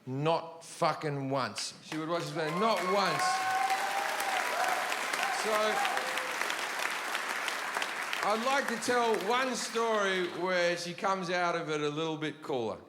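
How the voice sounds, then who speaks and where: A man's voice: high-pitched, animated, slow pace, a loud crowd. A man doing stand-up, telling a story in a profane, rambling way full of restarts. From Australia. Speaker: stand-up comedian. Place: large comedy venue with audience. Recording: live hall reverb, audience noise.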